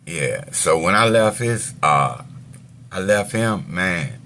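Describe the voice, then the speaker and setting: A middle-aged man with a very low, gravelly voice tells his story in loose, profane street talk. He rambles with plenty of fillers and slips small laughs between phrases. Faint noise sits under the voice. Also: animated, slow, sharp tone. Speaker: storyteller recounting his past. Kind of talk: casual personal storytelling.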